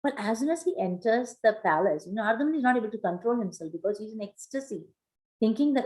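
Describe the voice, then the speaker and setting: A woman's voice: a little high, fast, poor audio. Woman telling a sacred story in class. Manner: animated storytelling with many fillers. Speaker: teacher.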